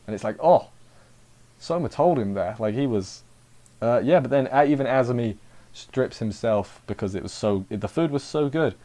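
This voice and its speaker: Rambling man reviewing anime, mellow voice. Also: mid-range voice, lively intonation, moderate pace. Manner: rambling, chatty, acts out characters' lines.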